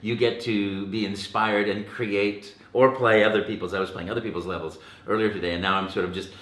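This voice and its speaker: Animated male voice-actor guest, somewhat low voice, roomy echo. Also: a little fast. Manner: animated, acts out quotes, many restarts. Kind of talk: casual interview storytelling.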